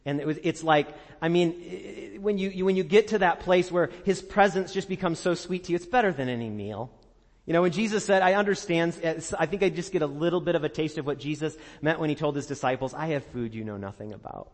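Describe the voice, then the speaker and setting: A male pastor delivering an earnest, conversational sermon with a fairly high voice. His words ring out with a long church reverb. He laughs easily and drops his voice low and gentle when he turns to prayer. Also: fast.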